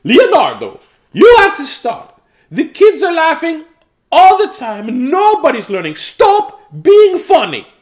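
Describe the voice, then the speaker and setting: Man playing a strict woman teacher, storybook, shrill, shouting. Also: wildly swooping pitch, a little slow, exaggerated voice. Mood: scolding. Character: strict shrieking woman schoolteacher.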